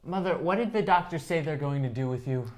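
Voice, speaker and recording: A woman's voice: low-pitched, expressive, fairly quick, darkish tone. A woman playing a grown son who placates his mother, flustered and stammering, in a comedy sketch. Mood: placating. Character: patient, exasperated grown son on the phone. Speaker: sketch actor. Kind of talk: comedy sketch phone call.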